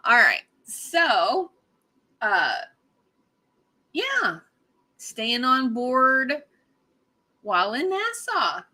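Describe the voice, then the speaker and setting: A woman's voice: high-pitched, huge pitch swings, drawn-out words, pauses often, bright, forceful tone. A woman hosting a casual livestream, chatting bubbly with viewers and reading their comments. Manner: bubbly, chatty, laughs often. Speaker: livestream host.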